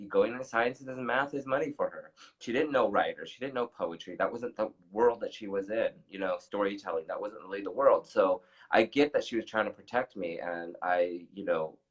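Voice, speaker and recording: A man's voice: lowish voice, a bit bright, low-quality recording. A middle-aged man co-hosting a casual talk show, speaking earnestly in a motivational way and laughing easily. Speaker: co-host.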